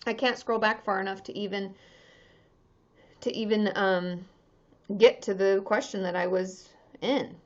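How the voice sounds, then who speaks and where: A woman's voice: mid-range voice, steady tone, unhurried, pauses often. A woman therapist chatting casually on a livestream, answering viewer questions with lots of fillers and restarts. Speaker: therapist answering live chat. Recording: dull lo-fi livestream audio.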